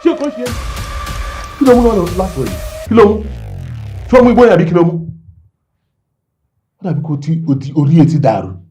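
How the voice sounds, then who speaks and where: An actor with a Yoruba Nigerian accent playing a domineering, scheming middle-aged father who shouts at his daughter. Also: high voice, very animated, fast, pauses often, soft background music. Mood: furious. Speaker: fraudster father. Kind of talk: Nollywood film acting.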